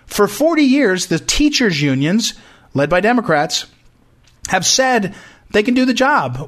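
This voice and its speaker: Guy hosting a talk show, high voice, ranting emphatic political commentary, keeps repeating himself and restarting. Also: big pitch swings, unhurried, a bit bright. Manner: emphatic, repetitive, frequent restarts.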